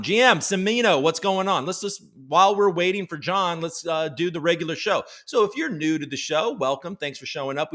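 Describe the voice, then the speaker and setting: A man's voice: on the high side, sharp tone. A man hosting a casual live stream, joking around and greeting viewers in the chat by name. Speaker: livestream show host.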